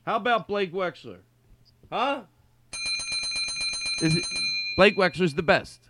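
A middle-aged man hosting a comedic podcast in a studio, rambling and excitable, swinging between yelling and quiet mumbling. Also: sits high, slow pace. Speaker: podcast host. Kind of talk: loose comedic podcast talk. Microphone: studio mic.

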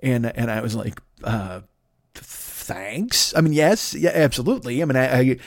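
A man's voice: medium pitch, quick pace, vocal fry, darkish tone, no room sound, studio quality. A man in his fifties hosting a solo podcast from his desk at home, rambling and swearing through a late-night rant with many restarts. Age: 50s. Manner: rambling, profane, self-mocking, with many restarts and fillers. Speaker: podcast host. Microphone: plugged-in podcast microphone.

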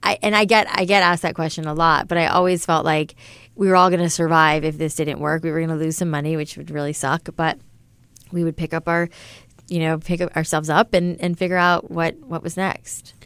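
A woman's voice: low voice, level tone, fairly quick, a bit bright, clear, resonant tone, no echo. A middle-aged woman, a business founder, chatting loosely in an interview with lots of fillers. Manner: chatty, many fillers like "you know" and "like". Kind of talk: casual interview talk.

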